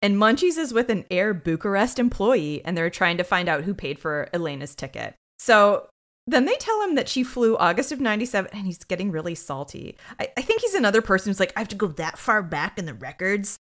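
A woman co-hosting a podcast, recapping an episode in a casual, animated way. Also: medium pitch, fairly quick. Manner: animated storytelling with quoted voices. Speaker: podcast co-host.

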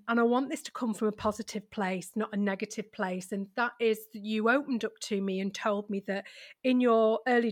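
Gentle encouraging woman interviewer. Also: mid-range voice. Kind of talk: conversational interview.

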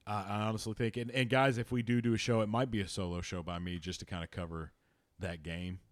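A man's voice: lowish voice, little pitch movement, quick pace, no room sound, clean studio sound. A man co-hosting a casual sports podcast, loose and profane, laughing and joking as he makes picks. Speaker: podcast co-host.

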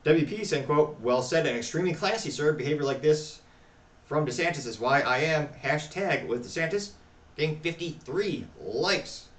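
A man hosting a talk show, reading social media replies aloud with wry, deadpan asides. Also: fairly high pitch, moderate pace, roomy sound, recorded from a distance. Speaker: podcast host.

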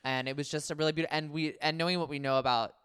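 A man's voice: on the high side, fairly even intonation, rapid-fire, a bit bright, clear, resonant tone, no echo, clean studio sound. A man from California co-hosting a film podcast, chatting in an earnest, gushing way. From Concord, California. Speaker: podcast co-host. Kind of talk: casual chat.

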